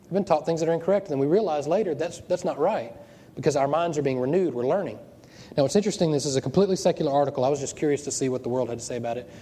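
Mellow-voiced male pastor, echoing hall. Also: a little high, very fast, slightly rough. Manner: conversational, with rhetorical questions and repeated words. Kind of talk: sermon. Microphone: wearing a microphone. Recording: long hall reverb.

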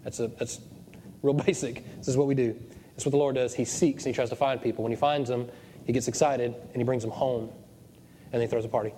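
Fast-talking man preaching in a reverberant hall. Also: medium pitch, steady tone, mellow, a little hiss or hum. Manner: digressive and joking. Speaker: pastor. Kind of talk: sermon. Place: church hall. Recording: long church reverb.

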